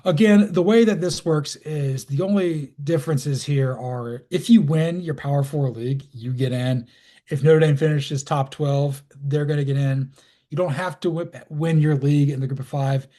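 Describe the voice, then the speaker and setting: A man co-hosting a college football podcast, relaxed and self-deprecating, steering the talk between topics. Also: a little high, moderate pace. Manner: relaxed, self-deprecating, moves the show along. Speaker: podcast co-host. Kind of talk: casual sports chat.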